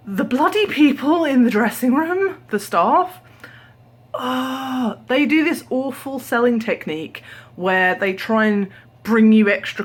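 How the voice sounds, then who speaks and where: Tired young british woman babbling to her phone at home, animated, whispers now and then. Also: mid-range voice. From Britain. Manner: animated storytelling, acting out quoted voices, drops to a whisper. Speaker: vlogger. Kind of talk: casual chat. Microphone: camera held at arm's length.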